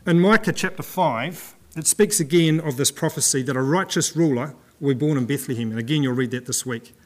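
A man's voice: fairly high pitch, a little fast. A man preaching a sermon in a church, reading scripture and talking plainly to the congregation with some fillers and restarts.

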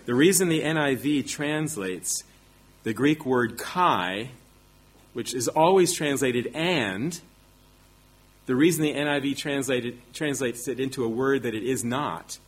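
A man's voice: mid-range voice, breathy edge. A man preaching a sermon, teaching emphatically with rhetorical questions and self-deprecating asides.

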